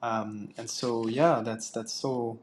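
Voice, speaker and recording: A man's voice: mid-range voice, fairly even intonation, takes it slowly, a little hiss or hum. A man taking part in a casual spiritual discussion, speaking earnestly with many restarts and fillers. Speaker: guest participant.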